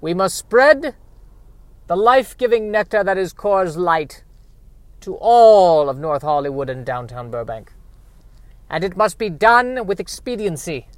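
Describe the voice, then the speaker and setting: A man voicing a grandiose company boss who gives a pompous, booming rallying speech to his workers. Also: expressive, measured pace, no room sound.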